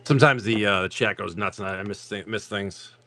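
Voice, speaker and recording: A man with a fairly low, bright, forceful voice hosts a live card-pack opening stream, talking a little fast. He's loose and chatty with viewers and swears freely.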